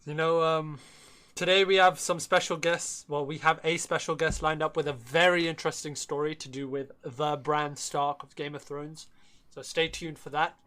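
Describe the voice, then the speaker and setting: A man's voice: a little high, fairly even intonation, normal speed, bright, forceful tone. A young man co-hosting a podcast, mocking his friends in playful casual banter. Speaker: podcast co-host.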